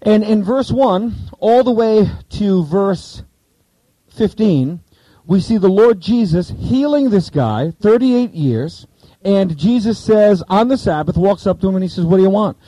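Brief: male preacher, high and very lively pitch, mellow dark tone, jokey asides, dry close sound. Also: measured pace, no room sound, rough recording. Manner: animated and joking, with asides. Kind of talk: sermon with Bible reading.

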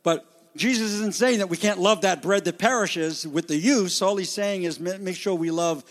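Pastor guy preaching, kinda high voice, ad-libs a lot, stretches words for emphasis. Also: big-room sound. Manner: emphatic, ad-libbing, drawn-out stresses. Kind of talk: sermon.

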